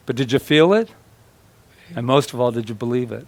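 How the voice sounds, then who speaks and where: A man's voice: medium pitch, a little fast, pauses often, a little mellow, no room sound. A male minister giving a chatty sermon, telling stories and acting out quoted voices with humor. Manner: storytelling, acts out quoted voices; chatty, laughs with congregation.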